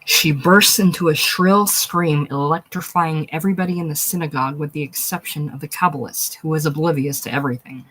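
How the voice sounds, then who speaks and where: Husky reader of a play's stage directions. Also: medium pitch, steady tone, brisk, few pauses, a bit bright, poor audio. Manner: plain stage-direction reading. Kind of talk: reading a play aloud.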